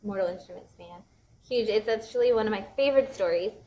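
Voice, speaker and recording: A woman's voice: medium pitch, fast, dark tone. Chatty young woman on a lo-fi stream. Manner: chatty, bubbly, rambling with many fillers. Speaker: bookstore young adult specialist, livestream host. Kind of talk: casual livestream chat.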